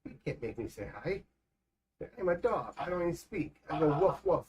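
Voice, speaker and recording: A stubborn, shy male dog who grumbles that nobody can make him talk, as his owner puts on a voice. The voice sits higher than a grown man's usual and stays soft and low in volume, with a sulky, grumbling manner, like a pet's inner voice in a goofy livestream bit. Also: lively intonation, moderate pace, lightly acted.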